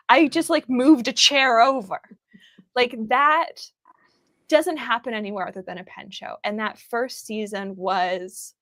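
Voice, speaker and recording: A woman's voice: on the high side, a bit bright, dry recording, studio quality. A woman hosting a casual chat, talking freely with many fillers. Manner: chatty, many fillers and laughs. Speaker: podcast host.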